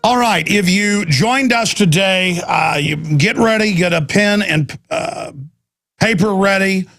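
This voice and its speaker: Gravelly talk radio guy ranting hard, fairly high voice, faint music behind. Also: slow, fairly bright tone. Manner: intense, combative, ranting. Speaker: radio talk show host. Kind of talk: political talk radio monologue.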